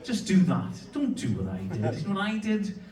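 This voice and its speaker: On a comedy club stage, a sweary, brash Irish comic in his forties tells stories and trades banter with the audience. His high voice swings widely in pitch, brisk and slightly mellow, caught on a distant mic in an echoey hall full of laughter.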